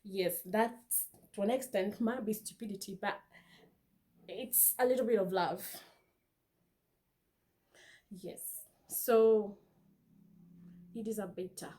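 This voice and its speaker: Slow, mellow-voiced woman vlogger. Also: medium pitch. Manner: emphatic and earnest, stretching words for stress; preachy, quotes scripture. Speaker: vlogger giving dating advice. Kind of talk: casual advice monologue to camera.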